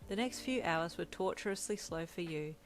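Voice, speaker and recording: A woman narrating second-person romance fanfiction in a gentle, unhurried reading. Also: fairly low pitch, lively intonation, soft background music, rough recording. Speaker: fanfiction reader.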